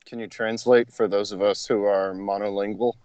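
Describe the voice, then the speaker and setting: A man's voice: on the low side, level tone, moderate pace, darkish tone, smooth, dry recording, highs cut off. A man co-hosting a podcast, chiming in with dry wisecracks in a casual chat. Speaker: podcast co-host.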